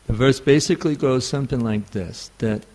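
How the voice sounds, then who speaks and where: A man with a New York accent giving a scripture class, halting and full of fillers. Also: mid-range voice, darkish tone, slight background noise. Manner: halting, many fillers and restarts. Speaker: spiritual teacher.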